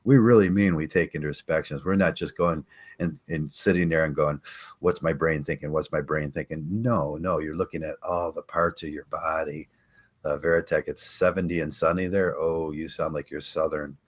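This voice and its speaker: An older man hosting a casual podcast, rambling and chatting with listeners, halting with many fillers and restarts. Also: very deep voice, fairly even intonation, slightly rough. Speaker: podcast host. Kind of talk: casual live-stream chat.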